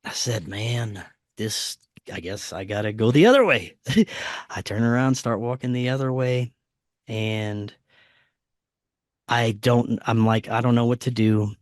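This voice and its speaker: A man, a podcast guest, telling a personal story casually, dropping to a quieter voice when he quotes what was said. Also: medium pitch, slow, long pauses, no echo, studio quality. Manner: acts out quoted dialogue in a quieter voice; frequent fillers and restarts, animated retelling.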